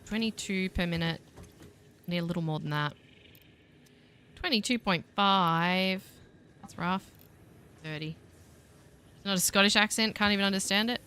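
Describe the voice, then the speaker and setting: A young Australian woman streaming a factory-building game, thinking aloud and chatting with viewers, quick to laugh at herself. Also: mid-range voice, bright, forceful tone, clean tone. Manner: self-deprecating, laughs easily. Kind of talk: casual let's-play commentary. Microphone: desk mic, voice only without face cam.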